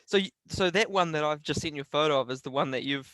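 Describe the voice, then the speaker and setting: A man's voice: a little high, fast, dry recording. A man co-hosting a podcast, telling stories with enthusiasm in casual chat. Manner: enthusiastic, animated storyteller. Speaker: podcast co-host. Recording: dry close recording.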